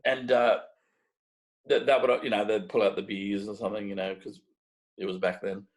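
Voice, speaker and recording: In a roughly recorded interview, a middle-aged Australian man who works in make-up effects speaks at a normal speed in a fairly low voice. Casual and animated, he keeps restarting and acts out others' lines as he tells his stories.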